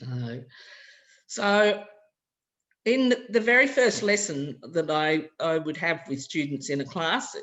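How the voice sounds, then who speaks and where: A man with an Australian accent leads a hands-on teacher-training workshop. His voice sits a little high for a man, and he explains things in a relaxed, conversational way, working through practical examples as he talks. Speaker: workshop presenter for language teachers.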